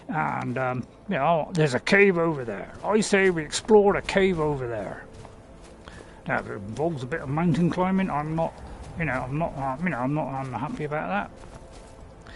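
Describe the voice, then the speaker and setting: Gravelly, lively man chatting over gameplay. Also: on the high side, normal speed, a little hiss or hum. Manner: chatty and playful, rambling with fillers and self-mocking laughs. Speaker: game streamer. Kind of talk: casual gameplay commentary.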